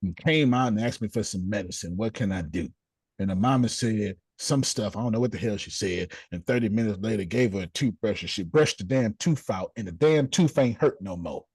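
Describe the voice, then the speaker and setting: A middle-aged man leading a group video call, preaching in a blunt, slangy way with casual swearing, jumping from low asides to high exclamations. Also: a little fast, darkish tone, slightly rough, no room sound. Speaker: host leading a group discussion. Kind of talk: preacherly motivational talk.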